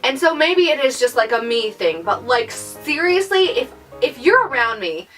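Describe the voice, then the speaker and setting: A young woman ranting in a casual vlog, exasperated and sarcastic, mocking others in high voices. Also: sing-song, normal speed, fairly bright tone, far from the mic, soft background music. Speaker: YouTuber.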